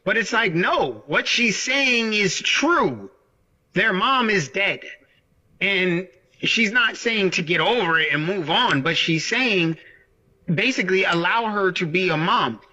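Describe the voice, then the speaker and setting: Talking casually into the camera for his vlog, this man has a high-pitched, expressive, slow voice with a bright, forceful tone. He repeats himself and ends lines with "right?" while the recording carries a roomy echo.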